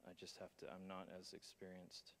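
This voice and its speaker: A man's voice: low voice, monotone, a little fast, fairly bright tone, long reverb tail, slight background noise. A man preaching a sermon, talking with many restarts and fillers.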